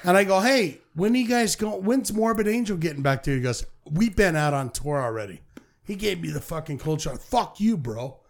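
A man's voice: sits high, expressive, fairly quick, vocal fry. A man co-hosting a casual podcast, telling a story with lots of swearing and acted-out quotes. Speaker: podcast co-host.

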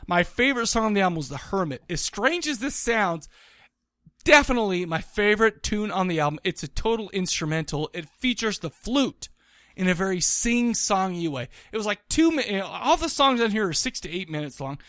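A man in his thirties chatting on a podcast, rambling excitedly and tripping over restarts. His voice sits fairly high and sounds dry and close. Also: a little fast, dry recording. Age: 30s. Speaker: podcast co-host. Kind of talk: casual chat.

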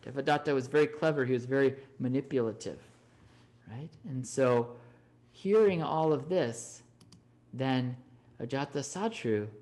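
A man giving an animated storytelling Dharma talk, often checking in with "right?". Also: mid-range voice, measured pace. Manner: animated, frequent "right?" tag questions. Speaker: Dharma teacher.

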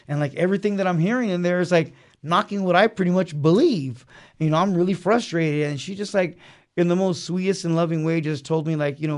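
A man's voice: high-pitched, brisk, darkish tone. A man telling his personal testimony as an interview guest in a small studio, in an earnest, slangy, casual way. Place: small studio beside a chapel.

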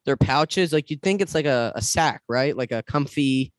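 A man's voice: mid-range voice, expressive, moderate pace, dry recording. A man co-hosting a casual podcast chat, joking and crude, often laughing. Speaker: podcast co-host.

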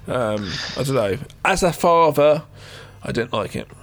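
A middle-aged man co-hosting a casual film podcast, animated and quick to swear. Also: medium pitch. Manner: animated, swears freely, jumps into impressions of characters. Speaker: podcast co-host.

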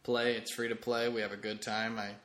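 Bright-voiced man rambling on a podcast. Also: lowish voice, flat delivery, fairly quick. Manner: rambling, with frequent restarts and fillers. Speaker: podcast host and comedian. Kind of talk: casual solo podcast monologue. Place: room, late at night. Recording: echoey room.

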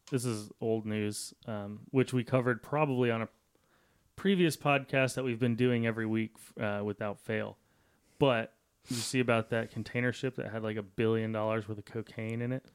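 Man, podcast co-host, smooth resonant voice, joking, casual chat. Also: medium pitch, fairly even intonation, moderate pace. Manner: jokey, tosses off silly voices and riffs.

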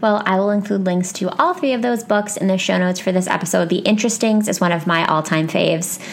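A woman's voice: medium pitch, brisk, a little hiss or hum. A woman hosting a book podcast, chatting with enthusiasm about books and reading. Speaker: podcast host. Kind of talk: casual book chat.

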